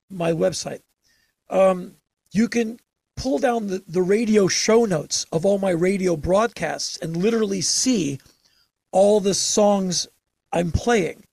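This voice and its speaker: An older man telling stories in a casual interview, emphatic and animated, with sudden bursts of energy. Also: high voice, gravelly, no room sound. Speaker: interview guest.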